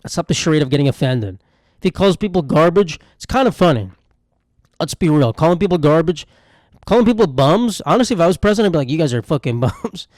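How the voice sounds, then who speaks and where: A man's voice: fairly high pitch, lively intonation, fast talker, a little mellow, no echo. Dry-sounding young man riffing irreverently. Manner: rambling, irreverent, self-mocking asides. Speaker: podcast host. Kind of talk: solo comedic podcast monologue.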